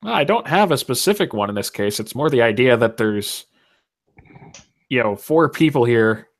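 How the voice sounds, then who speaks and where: A relaxed tabletop player talks through their character's moves in a loose, rambling way. The pitch moves around a lot, which gives a lively, expressive lilt. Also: normal speed. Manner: relaxed, rambling, with fillers and restarts. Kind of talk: casual role-play chat.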